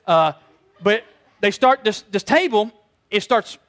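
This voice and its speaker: A middle-aged pastor, preaching a sermon, telling stories and acting out quoted voices in an animated way. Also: male voice, sits high, measured pace.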